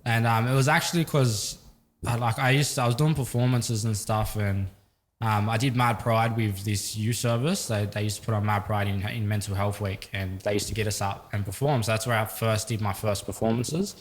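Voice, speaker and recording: A man's voice: on the low side, steady tone, normal speed. A young man from Sydney with an Australian accent, telling stories as a guest in a casual interview with lots of fillers. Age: young adult. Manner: laid-back storytelling, lots of fillers. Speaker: guest rapper.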